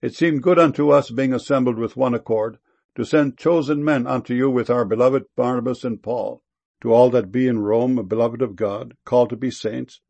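A man giving a solemn, measured scripture reading in archaic wording. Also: medium pitch, fairly even intonation, creaky, darkish tone, highs cut off.

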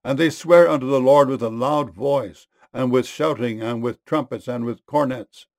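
A man reading scripture aloud in a measured, solemn way. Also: mid-range voice.

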